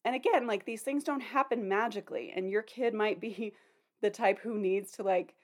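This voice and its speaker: A woman's voice: medium pitch, moderate pace, a little mellow. A middle-aged woman, a parenting coach, hosting a podcast in an earnest, conversational way with casual fillers. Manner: earnest, conversational, many "you know" and "like" fillers. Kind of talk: podcast talk.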